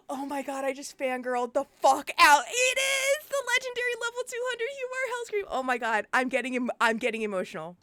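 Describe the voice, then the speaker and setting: Excitable woman streamer, dry close sound. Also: high-pitched, a little fast, dry recording. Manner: excitable, gushing, swears freely. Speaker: streamer and interview host. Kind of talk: casual live-stream chat.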